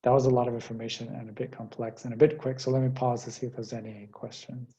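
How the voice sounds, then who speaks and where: A man's voice: mid-range voice, level tone, fast, warm tone, lo-fi sound. A man giving a linguistics lecture, explaining step by step with frequent fillers over a remote call.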